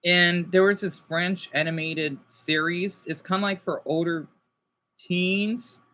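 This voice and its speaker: A male YouTuber with a high-pitched voice talks slowly while answering viewers on a casual livestream. Even so, he rambles excitably, with frequent restarts and exclamations.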